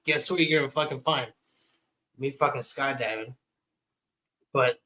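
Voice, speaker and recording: A man's voice: medium pitch, pushed and bright, rough recording. A drunk man in his twenties, a livestream guest, ranting heatedly and swearing constantly in casual chat. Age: 20s.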